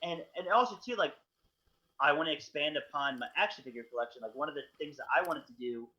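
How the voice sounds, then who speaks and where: A podcast co-host rambles in an enthusiastic, casual conversation packed with filler words. His voice is slightly high, bright, fast and forceful, and the stream audio sounds dull and lo-fi.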